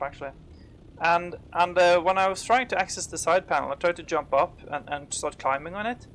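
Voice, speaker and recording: A game streamer gives live commentary as he plays, panicked and out of breath, rambling with plenty of fillers and swearing when startled. His voice is high and fairly bright, with a little hiss or hum in the audio.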